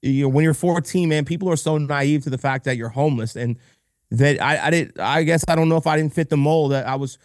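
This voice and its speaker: With a fairly high pitch and a fairly quick pace, a man being interviewed on a podcast, an entrepreneur, talks openly and sincerely, restarting often as emotion overtakes him and he nears tears. It's a casual chat, recorded cleanly in a studio with no echo.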